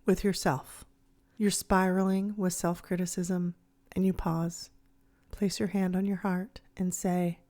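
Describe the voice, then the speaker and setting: A woman host giving scripted reflective narration, soft, slow and soothing. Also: on the low side, level tone. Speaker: podcast host.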